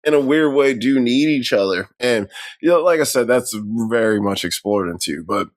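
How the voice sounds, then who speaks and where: A man's voice: mid-range voice, expressive, moderate pace. A man co-hosting a podcast, casually reviewing a movie and acting out the characters' lines as he retells the story, swearing freely. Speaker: podcast co-host.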